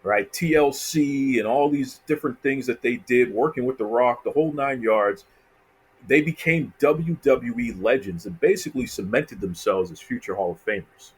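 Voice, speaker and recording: A man hosting a podcast talks with a lively, rising-and-falling delivery in a husky voice. He recaps with enthusiasm and leans on repeated phrases. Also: medium pitch. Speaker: podcast host. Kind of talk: casual interview.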